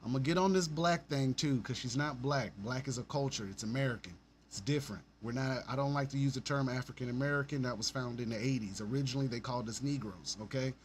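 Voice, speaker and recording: Hosting a laid-back livestream, a man from Alabama speaks fast in a mid-range voice over slight background noise. He's blunt and animated, with plenty of cursing and laughter.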